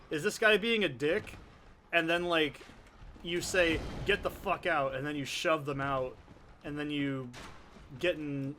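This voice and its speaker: A man's voice: on the high side, sharp tone, slight background noise. A young man doing casual, profane, rambling gameplay commentary from his home desk mic. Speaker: let's play commentator. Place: soundproofed home corner. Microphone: desk condenser mic.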